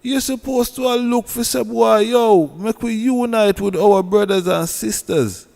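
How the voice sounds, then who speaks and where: A man's voice: high voice, measured pace, gravelly, darkish tone, long reverb tail. A man with a Jamaican accent who scolds and preaches in a heated commentary rant, repeating himself. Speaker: online commentator.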